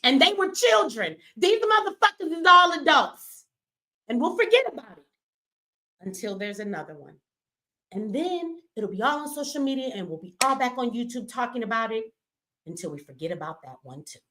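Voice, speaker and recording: A woman's voice: a little high, big pitch swings, normal speed, pushed and bright. A middle-aged woman, an activist host delivering an angry, profane livestream rant, tearful at times. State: crying.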